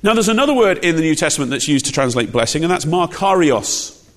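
A man's voice: a little high, very animated, fast, fairly bright tone. A man delivers a sermon in a slightly raised voice. He talks in an emphatic, conversational way and keeps asking the congregation questions. His words ring out with the long reverb of a church hall. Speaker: preacher.

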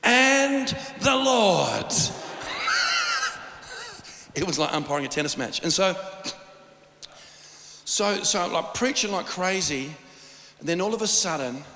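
A man delivers a storytelling sermon, his voice bright and forceful and a little high. He talks in an animated, rambling way, restarting sentences as he goes. The sound carries a long reverb from a large hall. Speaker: preacher.

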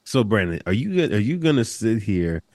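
A man co-hosting a casual podcast chat, animated and laughing a lot as he jokes. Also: lowish voice, brisk, no echo. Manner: animated, laughs a lot, swings his voice up when joking. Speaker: podcast co-host.

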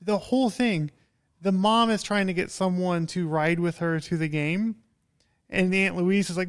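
Smooth-voiced man, wry podcast co-host. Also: high voice, normal speed. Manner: relaxed, wry, retelling plot at length. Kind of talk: casual chat recapping a movie.

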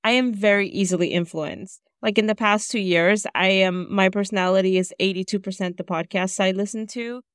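Smooth-voiced woman recapping a film. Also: mid-range voice, a little fast, hardly any pauses, no room sound, studio quality. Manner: animated, sarcastic, acts out characters' lines. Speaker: podcast co-host. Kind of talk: casual chat recapping a film.

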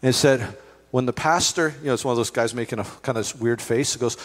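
A middle-aged man preaching as a pastor, conversational and animated, telling stories with asides to the congregation. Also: medium pitch, fast. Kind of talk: sermon. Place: church hall. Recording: long reverb of a church hall.

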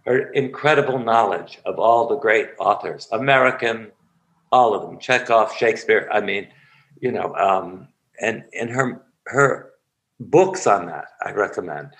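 Man telling stories in an animated way. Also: fairly low pitch, unhurried, poor audio. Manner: animated storyteller, frequent restarts and asides. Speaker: actor and acting teacher, guest. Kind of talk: reminiscing interview conversation.

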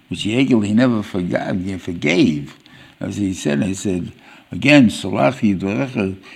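A man giving an informal Torah lecture as a rabbi, halting and restarting as he searches for words. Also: fairly low pitch, creaky, breathy edge. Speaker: rabbi teaching a weekly Torah class.

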